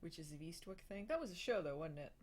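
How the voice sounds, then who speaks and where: A woman's voice: lowish voice, lively intonation, fast, darkish tone. A young adult woman hosting a casual live stream, answering viewer questions with frequent laughs, fillers and restarts. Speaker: host of a live hangout.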